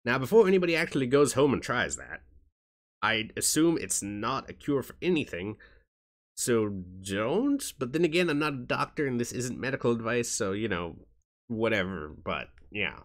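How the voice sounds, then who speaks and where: A man's voice: mid-range voice, big pitch swings, normal speed. A man chatting on his vlog in a joking, rambling and self-mocking way. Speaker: YouTuber. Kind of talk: casual vlog chat.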